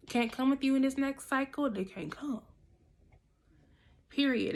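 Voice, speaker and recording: A woman with a fairly high voice gives a casual tarot reading to camera. She sounds direct and coaching, with loose slang and the odd curse. She keeps pausing to ask "okay?" as she pushes her listeners to speak up. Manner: salty slang and casual swearing. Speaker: tarot reader.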